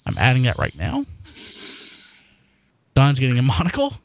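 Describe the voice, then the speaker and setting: Animated, rambling man co-hosting a podcast. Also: medium pitch, moderate pace, gravelly, a little hiss or hum. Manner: animated, rambling, promotes links. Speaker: podcast co-host. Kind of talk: casual chat on a live stream.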